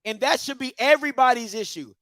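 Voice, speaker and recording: A man's voice: extremely high pitch, quick pace, a bit bright, no echo, studio quality. A man hosting a heated commentary rant, firing repeated rhetorical questions at viewers in a preacher-like call-and-response cadence. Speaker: commentary show host.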